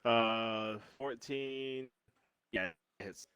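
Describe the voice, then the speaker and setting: A man's voice: mid-range voice, very slow, fairly bright tone, clean tone, no room sound. A man playing a tabletop game, talking casually and hesitantly with many ums and restarts. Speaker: player.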